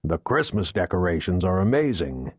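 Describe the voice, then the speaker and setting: Hitman with an American accent, voiced by a male narrator, deep low voice, dry close sound, offhand cover talk. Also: very animated, moderate pace, slightly rough, no room sound, heavily acted. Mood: casual cover. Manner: casual cover talk hiding anger. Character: male Russian hitman, tense, faking calm.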